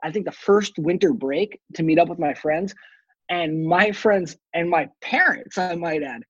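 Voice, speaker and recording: A man's voice: on the high side, a little slow, a bit bright, slightly rough, no room sound, muffled recording. A man who is a podcast guest, chatting casually and telling long stories, swearing now and then. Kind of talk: casual chat.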